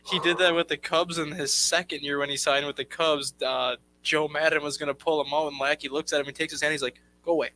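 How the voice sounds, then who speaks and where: Fast, bright-voiced man. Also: a little high, flat delivery, slight background noise, poor audio. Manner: quick, recounts anecdotes with quoted lines. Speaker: sports talk show co-host. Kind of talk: casual sports talk.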